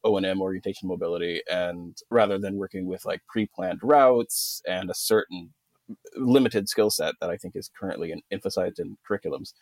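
A man in his thirties from Texas, a podcast guest talking in a relaxed, self-deprecating way, with no regional accent. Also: low voice, brisk, no echo. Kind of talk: casual interview chat.

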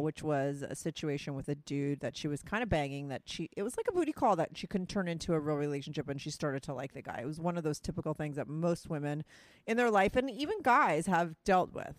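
A woman's voice: low-pitched, dry recording. Woman, 30s, New Jersey accent, blunt, chatty, teasing, dry recording. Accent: New Jersey or New York. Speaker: podcast host. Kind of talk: casual chat over a phone call.

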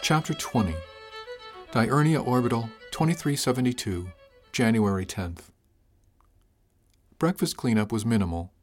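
A man reads a science-fiction novel aloud with dry, measured delivery. His pitch sits in an ordinary middle range, and the reading has a wry undertone. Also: faint music behind. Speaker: audiobook narrator. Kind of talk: scripted audiobook narration.

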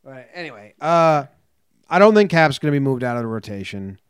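Man, podcast co-host, casual and wry, mid-pitched, dry close sound. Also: sing-song, fairly quick, clean tone, no echo. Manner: laid-back, wry, talks through thoughts with fillers. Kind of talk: casual chat.

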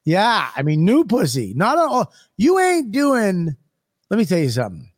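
Man, brash profane podcast banter, lively intonation, slightly high voice. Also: normal speed. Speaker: podcast co-host. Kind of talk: crude comedic banter.

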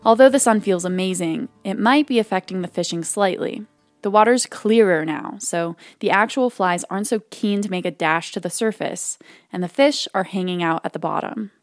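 A woman reporter narrating a documentary feature in a calm, reflective storytelling manner. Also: medium pitch, normal speed, no room sound, faint music behind.

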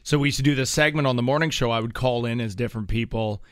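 A man co-hosting a radio show, trading wry, quick banter with the guests. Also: medium pitch, smooth, dry recording, clean studio sound. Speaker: radio co-host. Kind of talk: casual radio talk.

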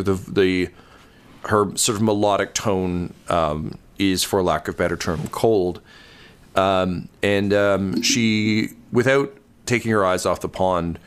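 A man runs a tabletop game as its game master, his voice very low and smooth. He narrates a dreamlike scene slowly, pausing often with ums and uhs. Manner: halting, many ums and uhs.

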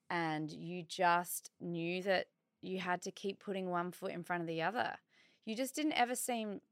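Earnest lady podcast cohost, low voice, dry close mic. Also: fairly bright tone, clean tone, dry recording. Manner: earnest, emotional, sympathetic. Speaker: podcast co-host. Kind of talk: casual chat.

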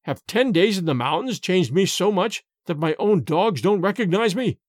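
Male narrator doing a gruff, hollow old undead patriarch for a storybook, dry close sound, swinging pitch. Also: lively intonation, moderate pace, no echo. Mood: annoyed. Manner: gruff, menacing. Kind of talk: audiobook character reading.

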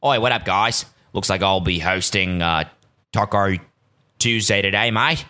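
A man's voice: lowish voice, measured pace, bright, forceful tone. A man doing a sloppy fake Aussie buddy. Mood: breezy. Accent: put-on Australian, done badly. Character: laid-back young Australian male buddy.

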